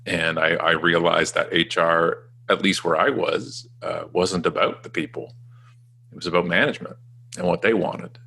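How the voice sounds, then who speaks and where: A man in his forties, a guest telling his career story in a self-mocking, animated way with frequent restarts. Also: deep voice, moderate pace, vocal fry, husky. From Canada. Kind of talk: casual storytelling interview.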